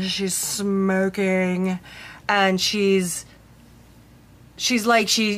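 Bright-voiced chatty woman podcaster. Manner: chatty, rambling, with frequent fillers and restarts; lively, jumps high in pitch when quoting people. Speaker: podcast host, bridal tailor. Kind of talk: casual storytelling monologue.

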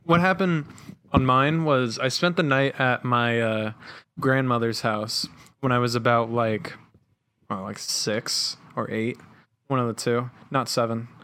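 A young man chatting casually with friends, laid-back and halting, pausing with fillers as he tells a story. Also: medium pitch, fairly even intonation, sharp tone, clean tone, no echo.

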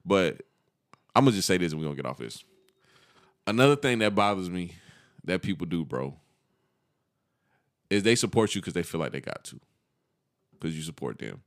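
Animated slangy man on a podcast. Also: low voice, moderate pace, pauses often. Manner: animated, slangy storytelling with acted-out quotes. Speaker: podcast co-host. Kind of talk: casual podcast chat.

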